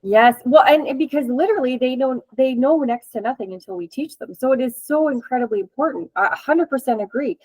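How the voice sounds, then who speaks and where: A woman's voice: high voice, fairly quick, hardly any pauses, a little mellow, no echo, poor audio. A woman hosting an interview and chatting casually as a coach, with a chatty, laughing manner and many fillers. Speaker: host and coach.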